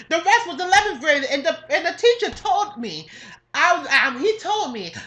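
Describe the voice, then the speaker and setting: A young woman from New York State rants casually on a podcast. Her voice sits a little high and rings bright and forceful. She talks in a profane, emphatic, slangy way, circling back over her own points. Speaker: podcast co-host. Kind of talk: casual ranting monologue.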